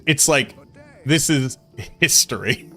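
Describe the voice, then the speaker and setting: A man's voice: medium pitch, takes it slowly. Boston guy streaming, emphatic, chatting with chat, bit of music in the back. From Boston area, US. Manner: emphatic, animated, jokingly indignant. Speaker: game streamer. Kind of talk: casual live-stream chat, reading chat aloud.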